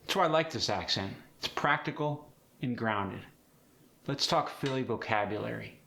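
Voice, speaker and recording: A man teaching an accent as a coach, explaining clearly and demonstrating sounds in an instructive way. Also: medium pitch, expressive, moderate pace, pushed and bright, a little hiss or hum. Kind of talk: accent tutorial.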